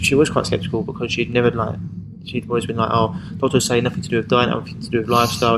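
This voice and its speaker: A podcast host tells stories about his coaching clients in a relaxed, conversational way, animatedly acting out their lines. His mid-range voice moves at a quick clip with a gravelly, creaky edge. Background noise is audible.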